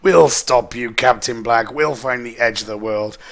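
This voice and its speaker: A man's voice: mid-range voice, measured pace, creaky, a bit bright. A man reading as a defiant ship's first mate. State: hoarse. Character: loyal male first mate on a ship.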